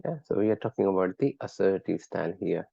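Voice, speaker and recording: A man's voice: low-pitched, animated, fast talker, creaky, breathy edge, no room sound, muffled recording. A man teaching a live online class, chatting with students and quizzing them by name in an encouraging way. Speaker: lecturer.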